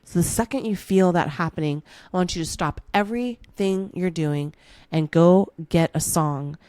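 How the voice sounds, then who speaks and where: A woman's voice: fairly low pitch, normal speed, warm tone, clear, resonant tone, no echo. A woman hosting a motivational podcast, coaching the listener in a playful, hyped way and calling them baby. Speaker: manifestation coach and podcast host.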